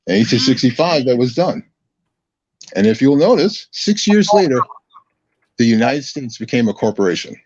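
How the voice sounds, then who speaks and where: A man's voice: medium pitch, big pitch swings, normal speed, pauses often, darkish tone, slightly rough, no echo. A man ranting combatively in a casual political chat as a podcast guest, restarting his phrases often. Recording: dull lo-fi audio, dry.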